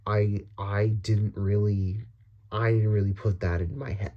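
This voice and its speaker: A young vlogger from the Dominican Republic rants casually about politics, rambling and restarting often, swearing and letting out nervous laughs. His voice is lowish, steady in tone and unhurried, and the recording has its highs cut off.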